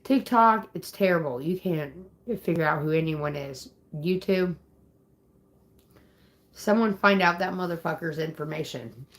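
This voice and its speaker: A woman's voice: deep voice, measured pace. A woman ranting angrily at her viewers on a livestream, upset and swearing, threatening people in the chat. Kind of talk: angry livestream rant.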